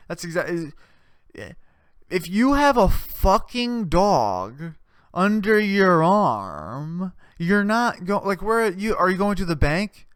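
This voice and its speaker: A man's voice: high-pitched, fairly bright tone, clear, resonant tone, no echo, clean studio sound. A man hosting a comedy podcast, delivering a profane, rambling and sarcastic rant. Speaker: podcast host.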